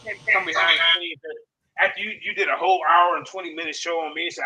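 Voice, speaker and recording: A man moderating an online debate on a video call, excitable and slangy. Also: high-pitched, fast, poor audio. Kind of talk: excited casual hosting.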